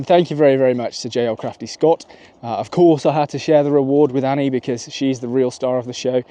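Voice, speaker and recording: A man's voice: medium pitch, warm tone. A man, giving chatty, opinionated political commentary while out walking his dog. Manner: opinionated, chatty, thinking aloud. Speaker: political vlogger. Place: outdoors on a walk with his dog.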